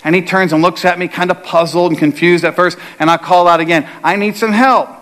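A man's voice: high-pitched, level tone, fast, fairly bright tone. A middle-aged male pastor preaching a sermon, telling a humorous personal story before building to emphatic preaching.

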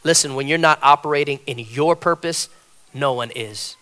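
A man preaching a sermon from a church platform, animated and repetitive, acting out the people he quotes. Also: fairly high pitch, moderate pace, clean tone. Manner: animated, repeats phrases, acts out quotes. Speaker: pastor.

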